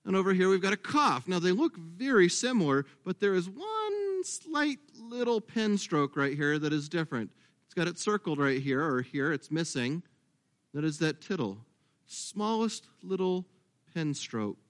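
A man's voice: high voice, very animated, normal speed. A middle-aged man preaching a sermon as pastor, talking in a conversational way with asides and self-corrections.

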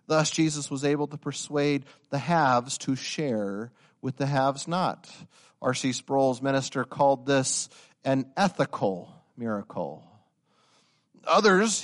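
A young man preaching a sermon, telling stories and building to loud, emphatic insistence. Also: medium pitch. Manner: storytelling, swelling to emphatic raised-voice insistence.

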